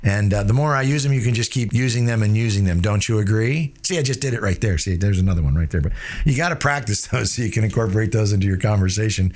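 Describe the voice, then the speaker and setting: A man teaching sales closing techniques in an energetic coaching style, sprinkling tag questions and swinging his tone up and down to demonstrate. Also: fast talker. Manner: changes pitch and tempo to demonstrate. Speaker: sales trainer. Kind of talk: instructional talk.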